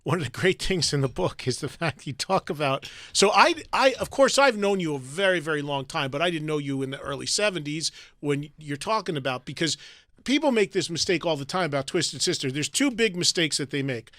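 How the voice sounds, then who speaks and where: A man's voice: a little high, animated, fairly quick, fairly bright tone, no room sound. Man hosting a radio interview. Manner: conversational, chiming in with asides and questions. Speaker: radio host. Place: radio studio.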